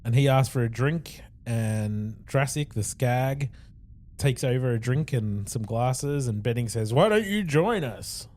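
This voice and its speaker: A man's voice: mid-range voice, steady tone, a little slow, darkish tone. A man co-hosting a podcast, recapping an episode at length in casual chat and acting out quoted lines. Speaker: podcast co-host.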